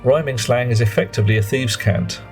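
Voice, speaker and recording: A man's voice: medium pitch, steady tone, brisk, soft background music. A man streaming a game, chatting in a rambling, self-mocking way. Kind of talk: live gameplay commentary and chat.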